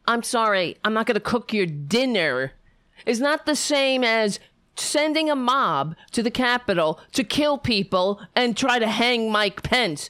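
A woman's voice: fairly high pitch, lively intonation, unhurried, fairly bright tone, clear, resonant tone, no echo. A woman giving an angry reaction commentary on a political clip, swearing and talking back with sarcastic asides.

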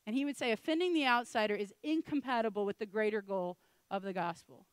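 A woman preaching a sermon in a lively way, often acting out the voices of the people she quotes. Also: mid-range voice, fast talker, clean tone, dry recording. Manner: animated, acts out quoted voices.

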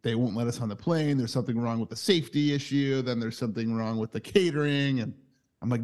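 Guy in his 30s telling a story on a podcast, laughs a lot, swears, jumps way up in pitch doing quotes. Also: fast talker. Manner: animated, acts out quotes with big pitch jumps; laughs through his stories, swears freely. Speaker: podcast co-host. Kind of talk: casual storytelling chat.

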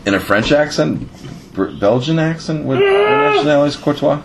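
A man's voice: a little high, fairly quick, very noisy. A man hosting a casual sports podcast, joking and talking over his co-hosts. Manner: joking, lively, talks over others. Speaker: podcast host.

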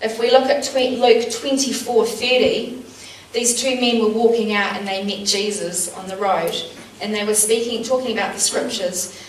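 A woman shares faith stories with a small group, earnest and animated, pausing on fillers as she goes. Her voice sits in a middle register. It reaches the mic from a distance in an echoey room with a faint hum of ambience. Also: mid-range voice. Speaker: church speaker. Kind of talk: teaching with personal testimony. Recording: roomy sound from a distant mic, faint background noise.

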